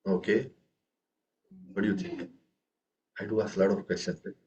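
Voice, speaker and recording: A man's voice: fairly low pitch, level tone, moderate pace, a little mellow, poor audio. A man teaching a tabla lesson. He asks his students question after question and recites drum syllables with strong stress on the first one. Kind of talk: online group music lesson.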